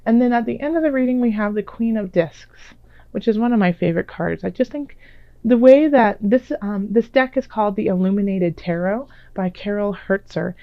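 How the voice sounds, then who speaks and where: Woman, tarot reader, gentle and reassuring, slightly raspy voice, dry muffled home mic. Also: medium pitch, moderate pace, dry recording. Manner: gentle, reassuring, many fillers. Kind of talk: casual tarot reading. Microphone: own microphone.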